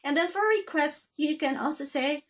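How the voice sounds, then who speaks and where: A woman's voice: high-pitched, moderate pace. A woman teaching an English grammar lesson, checking in with "okay?" after nearly every phrase.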